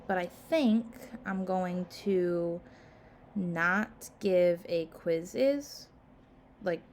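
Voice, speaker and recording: With a lowish, slightly mellow voice, a college instructor delivers casual announcements to her class. She yawns and sounds worn out, filling her speech with "um" and "like," and a little hiss or hum sits under the recording.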